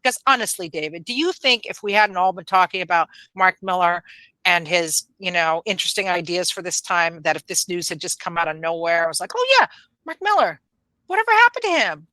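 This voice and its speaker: A woman's voice: lowish voice, fairly quick, bright, forceful tone, clear, resonant tone, dry recording, low-quality recording. A woman chatting on a podcast in a rambling way, full of fillers and restarts. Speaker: podcast guest. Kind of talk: casual podcast chat.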